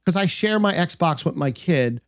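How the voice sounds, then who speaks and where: A man's voice: on the high side, animated, unhurried, no room sound, clean studio sound. A man co-hosting a podcast, chatting easily about games and wrestling, thinking aloud with restarts. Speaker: podcast co-host. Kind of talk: casual wrestling chat.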